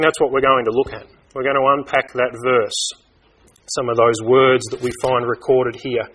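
A man delivers a sermon in a measured, emphatic manner, slowing down to stress key words. His voice sits in an ordinary middle pitch. He is heard from a little way off the mic, in what sounds like a church. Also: a bit bright, recorded from a distance, low-quality recording. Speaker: preacher.

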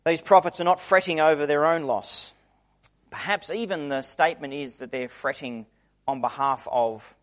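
A middle-aged man preaching a conversational sermon, acting out the quoted voices he describes. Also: mid-range voice.

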